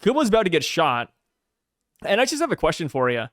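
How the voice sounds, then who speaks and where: A man on a podcast retelling a chapter and acting out its characters in put-on voices. His slightly high voice swings widely in pitch. The sound is dry and close. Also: wildly swooping pitch, fairly quick, a bit bright, dry recording. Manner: acts out characters in put-on voices while recapping. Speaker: podcast co-host. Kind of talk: casual chat, retelling a comic chapter.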